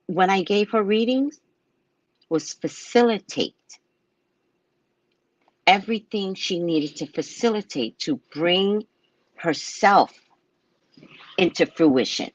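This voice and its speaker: Lively West Indian woman telling stories. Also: no echo, muffled recording. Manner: animated, acts out clients in loud high voices. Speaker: psychic, show host. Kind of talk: casual storytelling monologue.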